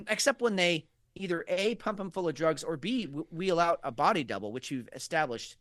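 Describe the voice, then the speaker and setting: A man co-hosting a podcast, talking in a lively, swinging voice that sits a little high for a man. He is profane and animated and acts out the voices he quotes. The sound is dry and close. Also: moderate pace, no echo. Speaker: podcast co-host. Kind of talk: casual political chat.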